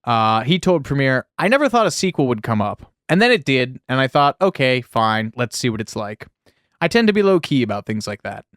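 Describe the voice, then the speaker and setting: A man's voice: medium pitch, big pitch swings, a little fast, a bit bright, no echo, clean studio sound. A man co-hosting a casual podcast, reading out film history with wry, sarcastic asides. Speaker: podcast co-host.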